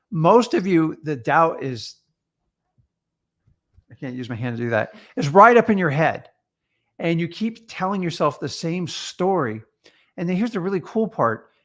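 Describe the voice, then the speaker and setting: Middle-aged male co-host, earnest storytelling coach, fairly high voice. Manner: earnest, storytelling, hesitant fillers. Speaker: real estate coach, co-host. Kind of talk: motivational talk.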